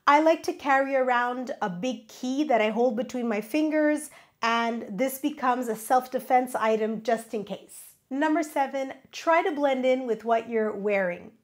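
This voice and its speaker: A woman's voice: high voice, measured pace. A woman hosting a travel safety tips video in an upbeat, instructive way, her voice nasal from a cold. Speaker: travel vlog host.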